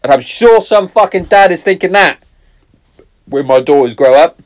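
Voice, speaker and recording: A middle-aged man hosting a casual solo podcast from his shed, swearing often, going off on tangents, swinging between loud laughing outbursts and quiet reflection. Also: fairly high pitch, animated, moderate pace. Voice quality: heavy swearing, rambling and tangent-prone. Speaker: podcast host. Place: garden shed.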